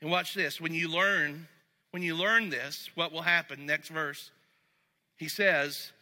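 A man preaching a sermon as pastor, talking to the congregation conversationally and going soft and low when he reads scripture. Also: fairly even intonation, moderate pace. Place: church sanctuary. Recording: long reverb of a large hall.

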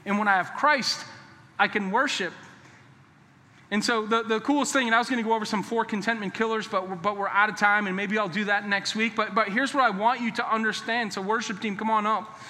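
A pastor preaching a sermon in a church, emphatic and conversational, sometimes dropping to a hushed, earnest tone. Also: male voice, sits high, fairly even intonation, brisk. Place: church sanctuary. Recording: long hall reverb.

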